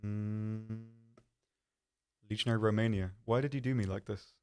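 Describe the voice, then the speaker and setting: A man's voice: fairly low pitch, steady tone, a little fast, a little mellow. A man hosting a live stream, chatting casually in a rambling, self-deprecating way with lots of ums. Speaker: stream host.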